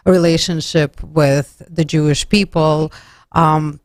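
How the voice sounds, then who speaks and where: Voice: mid-range voice, fairly even intonation, slow pace, no room sound. A radio show host interviewing a rabbi, asking polite questions with hesitant fillers.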